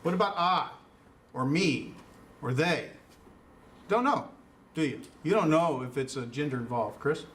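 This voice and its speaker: A man's voice: on the high side, lively intonation, a little slow, long pauses, fairly bright tone, recorded from a distance. A man teaching an introductory Greek class in a conversational lecture style, quizzing students and chuckling at his own puns. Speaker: Greek instructor.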